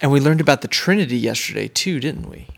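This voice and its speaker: Low-voiced mother hosting a family podcast. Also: lively intonation, fast talker, vocal fry. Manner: gentle, encouraging teacher tone. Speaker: podcast host and homeschooling mother. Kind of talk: casual family podcast chat.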